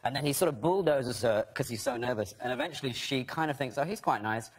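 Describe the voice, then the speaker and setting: A man appearing as a talk show guest, telling an animated story with frequent restarts. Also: mid-range voice, fast, husky. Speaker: actor guest.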